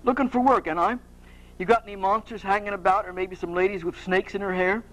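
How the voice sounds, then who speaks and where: A man reading aloud, voicing a boastful young hired hero in a rough, slangy manner. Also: a little high, normal speed, natural voice, low-quality recording.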